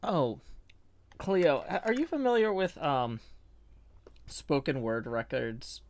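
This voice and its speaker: A man with a Southern US twang hosting a casual live stream, rambling and excitable as he pitches ideas. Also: slow pace, no echo. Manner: rambling, excitable, laughs at his own jokes. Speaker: streamer host.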